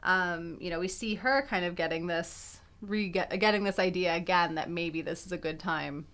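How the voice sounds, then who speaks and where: A young woman co-hosts a casual chat, her voice on the lower side. She thinks aloud, piling up fillers and restarting sentences as she works toward a point. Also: normal speed, a bit bright. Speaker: podcast co-host.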